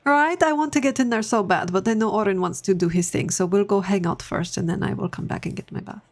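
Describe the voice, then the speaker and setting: A woman's voice: medium pitch, fast. Chatty, giggly woman at a game table. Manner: chatty, laughs often. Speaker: player. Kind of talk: tabletop role-play.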